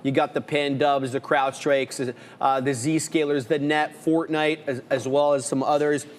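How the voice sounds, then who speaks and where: A man's voice: on the high side, a little slow, long reverb tail. A man co-hosting a live trading show, casually rambling through his watch list. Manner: relaxed, rambling, lists stock names.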